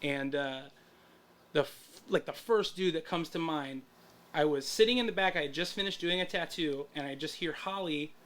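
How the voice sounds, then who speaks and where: High-voiced, laid-back man telling stories. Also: moderate pace. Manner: animated, profane, laid-back. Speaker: guest tattoo artist. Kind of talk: casual storytelling.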